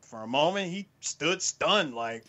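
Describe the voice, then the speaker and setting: An animated man, fairly high-voiced and lively, recapping a show in casual chat. He jumps into the characters' lines with big swings in pitch, then drops back to his own talk. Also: measured pace.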